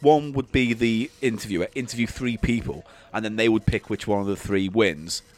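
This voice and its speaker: A man playfully running a mock job interview in improvised comedy. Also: lowish voice. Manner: playful interviewer, quick back-and-forth.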